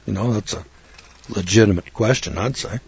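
A man's voice: lowish voice, normal speed, creaky, husky, highs cut off. An older American man giving informal, rambling Bible teaching in a folksy manner with frequent restarts. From United States.

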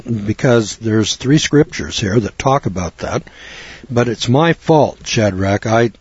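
A man's voice: fairly low pitch, expressive, slow, husky, no room sound, lo-fi sound. An older American man giving informal, rambling Bible teaching in a folksy manner with frequent restarts. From United States.

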